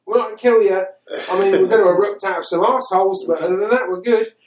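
A high, sugary voice of alien invaders, put on by a man, pleading that they mean no harm with sarcastic sing-song sweetness. The sound is roomy, with a clear echo around it. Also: fast talker, recorded from a distance, natural voice. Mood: mock sweet.

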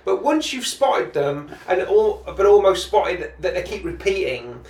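A man with a fairly high voice talks through a bad film with rambling amusement. He sits back from the microphone in a roomy space, so his words carry a clear echo. The chat is casual and loose. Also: sing-song, unhurried, a little mellow, far from the mic. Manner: rambling, amused, with many restarts. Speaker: podcast co-host.

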